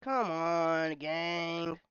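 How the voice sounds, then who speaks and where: A woman streamer reacting live, addressing her chat in heavy slang and dropping her voice low for emphasis. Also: drawn-out words, fairly bright tone, clean tone, dry recording, lo-fi sound.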